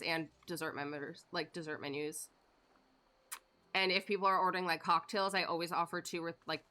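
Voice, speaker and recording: Her fairly low pitch and sharp tone mark this woman live streamer, who chats loosely while gaming. The talk wanders, full of fillers and laughter.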